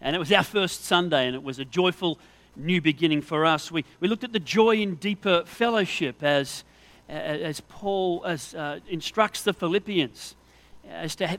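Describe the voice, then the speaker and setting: A man's voice: on the high side, a bit bright. A man preaching a Sunday sermon as pastor, in an earnest, conversational way, building up lists of everyday scenarios.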